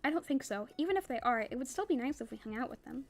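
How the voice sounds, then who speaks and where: A woman's voice: sits high, expressive, quick pace, soft background music. A young woman reading a novel aloud in a plain voice, breaking off now and then for chatty asides. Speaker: reader.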